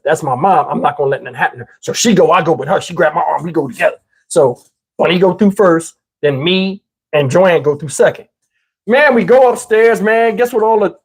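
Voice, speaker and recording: Husky-voiced man telling a family story. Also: high-pitched. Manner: animated, acts out characters. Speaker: channel host. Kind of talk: casual storytelling.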